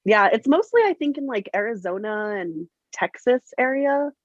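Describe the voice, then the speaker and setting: A woman's voice: a little high, animated, normal speed, no echo. A young woman wrestler from New Mexico chatting casually in an interview, upbeat and laughing often. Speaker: professional wrestler, guest. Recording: dull, muffled lo-fi sound.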